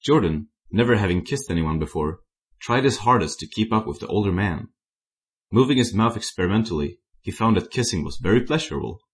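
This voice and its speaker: Man narrating fan fiction, very low voice, plain reading with small slips. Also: animated, brisk, slightly rough. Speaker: story reader.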